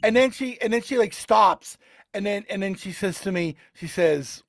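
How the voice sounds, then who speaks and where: A man telling a story as a guest on a casual podcast, animated and bursting into loud exclamations. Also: sits high, normal speed, gravelly, no echo, clean studio sound.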